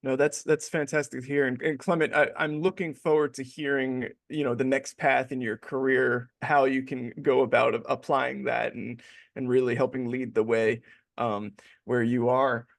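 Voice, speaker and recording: A man's voice: mid-range voice, level tone, moderate pace, creaky, no echo. A man hosting an interview podcast who asks attentive, encouraging questions. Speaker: podcast host. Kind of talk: interview conversation.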